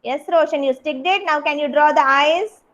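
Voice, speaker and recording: Speaking at a moderate pace in a high-pitched voice, a young woman with an Indian English accent runs an online craft lesson for kindergartners, naming and praising each child. The sound is lo-fi.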